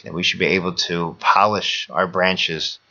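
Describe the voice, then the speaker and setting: A man's voice: low-pitched, steady tone, unhurried, pushed and bright, dull audio. A man giving a short holiday sermon, telling a parable and repeating phrases for emphasis. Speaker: religious speaker.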